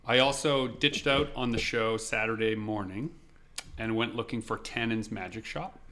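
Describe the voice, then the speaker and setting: Podcast co-host, male, bright tone, lively storyteller who acts out the voices. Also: fairly low pitch, moderate pace. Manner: animated, acts out shouted lines. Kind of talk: casual storytelling.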